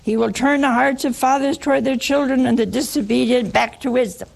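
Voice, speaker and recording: A woman's voice: high voice, steady tone, brisk, creaky. A woman preaching a humorous sermon in a wry, teasing way, often putting questions to her listeners.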